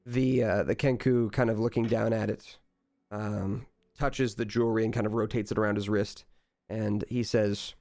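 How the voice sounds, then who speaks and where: A man running a tabletop game as game master, narrating in a relaxed, halting way with many fillers. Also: fairly low pitch, gravelly, no echo, studio quality.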